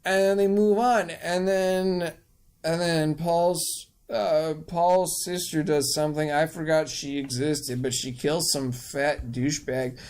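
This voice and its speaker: A man's voice: fairly high pitch, steady tone, takes it slowly, a little mellow, smooth. A drunk young man giving a rambling, crude comic summary of a book, full of fillers.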